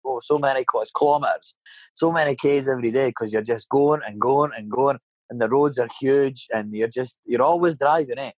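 A man's voice: mid-range voice, moderate pace, no room sound. Middle-aged Scottish man, Scottish accent, rambling and sweary chat storyteller, dry close sound. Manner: swearing, rambling anecdotes with tag questions.

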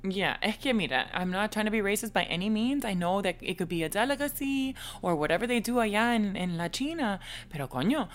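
Female podcast co-host, smooth clear voice, mid pitch, chatty and emphatic. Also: expressive, a little fast, few pauses. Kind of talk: casual chat.

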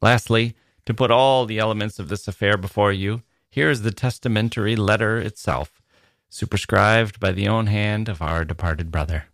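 A man voicing an earnest, kindly elderly minister, giving slow, deliberate advice. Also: on the low side, fairly even intonation, vocal fry, fairly bright tone, no room sound. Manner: solemn, deliberate advising.

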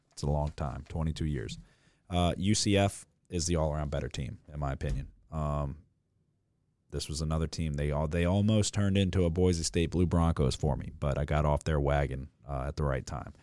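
A man's voice: sits low, dark tone, dry recording, studio quality. A man co-hosting a casual sports betting chat, blunt and profane, rambling through his picks with lots of fillers.

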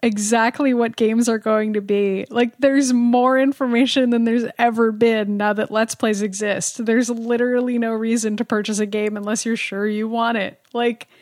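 A woman co-hosting a casual gaming podcast, animated and exasperated, laughing often. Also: on the high side, moderate pace, few pauses, no echo, clean studio sound. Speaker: podcast co-host. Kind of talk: casual chat.

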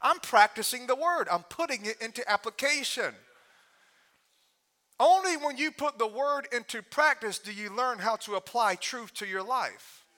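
A man giving a storytelling sermon as a guest preacher, animated and humorous, often breaking into laughter. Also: very high voice, moderate pace.

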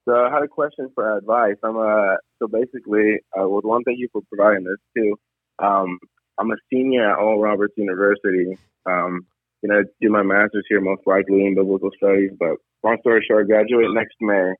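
A young man in his twenties calling in, politely asking for advice with many pauses. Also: on the low side, steady tone, no echo. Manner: polite, hesitant with many ums. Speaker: caller, university student. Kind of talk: phone question to show. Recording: tinny phone line, dry.

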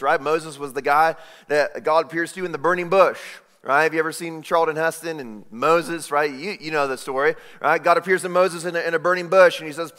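Man preaching in a reverberant hall. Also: a little high. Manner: animated storytelling, repeated "right?" asides, acts out quotes. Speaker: pastor. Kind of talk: sermon.

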